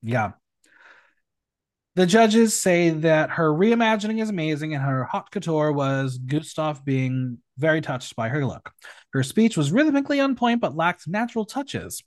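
A man hosting a casual recap podcast, opinionated and animated. His voice sits a little high and swings widely in pitch. He is recorded dry and close, with no room sound. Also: unhurried, dry recording. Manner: animated, opinionated, swings between loud and hushed. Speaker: podcast host.

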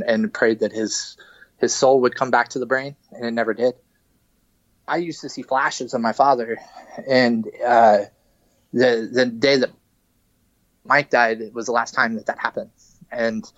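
A man speaking candidly on a podcast, his voice in a middle register and his words halting and full of restarts as he works through a painful story. The sound is dry and a little muffled. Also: medium pitch, fairly bright tone, no room sound. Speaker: guest, musician. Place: podcast studio.

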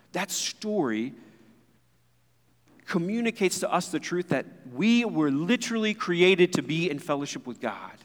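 Man in his thirties preaching in a reverberant hall. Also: fairly high pitch. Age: 30s. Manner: earnest, conversational preaching with asides to the congregation. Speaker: pastor. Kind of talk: sermon. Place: church sanctuary. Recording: long reverb of a church hall.

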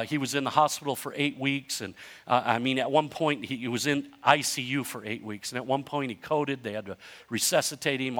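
An older man preaching a sermon, telling stories in a conversational way with restarts and building to emphatic, animated runs. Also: mid-range voice. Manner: conversational storytelling with self-interruptions. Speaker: pastor.

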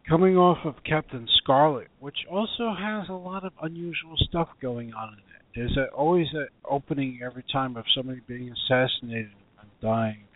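A man's voice: mid-range voice, a little fast, few pauses, no room sound. A man co-hosting a podcast, talking in a keen but hesitant casual chat full of fillers. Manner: enthusiastic, hesitant, many fillers. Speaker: podcast co-host. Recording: dry, phone-like narrow sound.

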